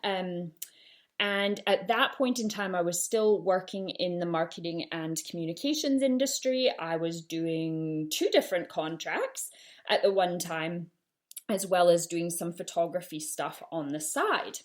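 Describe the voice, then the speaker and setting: A woman's voice: lowish voice, unhurried. A woman in her thirties with a Canadian accent and a slight Glasgow twang, telling her own story on a solo podcast in a chatty, self-deprecating way. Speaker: podcast host.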